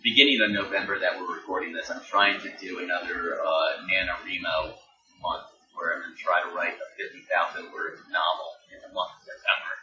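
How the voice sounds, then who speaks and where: A man's voice: deep voice, flat delivery, brisk. Man chatting on a distant roomy mic. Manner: joking, trails off with fillers. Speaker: podcast co-host. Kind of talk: casual chat. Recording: distant, dull, roomy mic with background noise.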